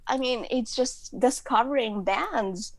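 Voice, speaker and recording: A woman, telling a story as an interview guest in an animated, dramatic way, with many filler words. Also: a little high, slow pace, no echo, poor audio. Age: 30s. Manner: animated, dramatic retelling with laughs; frequent "like" and "you know" fillers. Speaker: guest photographer.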